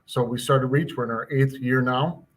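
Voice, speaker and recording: Man, from Minnesota, teacher, earnest, steady, mid-pitched voice. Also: moderate pace. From Minnesota, USA. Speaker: teacher and guest. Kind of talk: casual interview. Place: school building.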